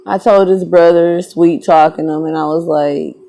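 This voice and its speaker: A woman's voice: on the low side, steady tone, normal speed, warm tone, rough recording. A woman in her thirties casually telling a personal story, rambling and correcting herself as she goes. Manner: rambling, self-correcting, candid. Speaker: vlogger.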